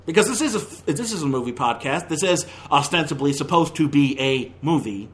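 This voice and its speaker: A man with a fairly high voice rants on a movie podcast, heated and opinionated. He tumbles over his words and restarts sentences as he gets worked up. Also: lively intonation, brisk, fairly bright tone. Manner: heated, ranting, stumbling restarts. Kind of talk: casual opinionated review.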